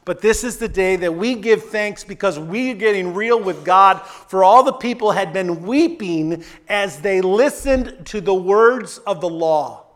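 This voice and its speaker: A man preaching a sermon, energetic and conversational, tossing in quick asides and dropping soft on quoted prayers. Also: sits high. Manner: conversational asides with repeated "right?". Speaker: pastor.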